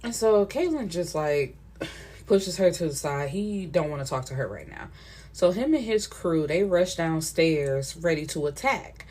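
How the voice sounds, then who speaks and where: A woman's voice: deep voice, expressive, unhurried, warm tone. A woman casually recapping a novel's plot, chatty, with many fillers and quoted lines from the characters. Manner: chatty retelling with frequent fillers and quoted dialogue. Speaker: book reviewer.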